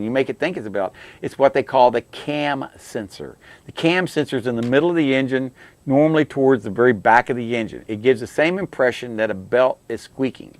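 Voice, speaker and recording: A man's voice: mid-range voice, no room sound. A middle-aged man hosting a call-in car advice show, giving folksy, repetitive, plain-spoken repair tips. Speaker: radio show host, auto technician.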